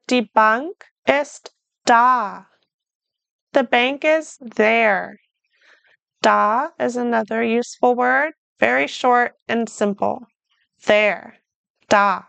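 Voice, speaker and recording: A woman teaching a beginner German lesson, slowly repeating words and phrases with careful enunciation. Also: a little high, vocal fry, fairly bright tone, clean tone, dry recording. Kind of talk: slow beginner language lesson.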